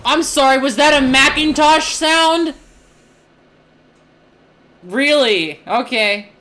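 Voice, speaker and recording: A woman's voice: high voice, slow pace, fairly bright tone, soft background music. A young woman streamer commentating live on a game, flustered and joking, with lots of exclamations.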